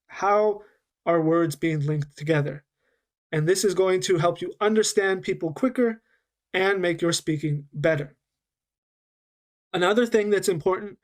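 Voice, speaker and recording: A man with a fairly high-pitched voice delivers a recorded online English lesson. He talks patiently, slowing right down to demonstrate sounds and checking in with listeners again and again. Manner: patient, slows down to demonstrate, frequent "okay?" check-ins. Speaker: English teacher.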